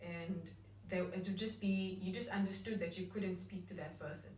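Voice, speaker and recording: Cape Town woman, low, echoey distant mic. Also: fairly even intonation, moderate pace, darkish tone. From Cape Town, South Africa. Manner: chatty and reflective, many restarts. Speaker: vlog co-host. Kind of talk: casual discussion.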